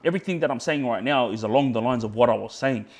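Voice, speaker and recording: A man's voice: medium pitch, fast. Australian man recounting a tense run-in, blunt and fired up, heavy slang and swearing. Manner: heated, swears a lot, re-enacts shouting in quotes; frequent fillers like yeah, bro, friggin'. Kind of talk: casual storytelling.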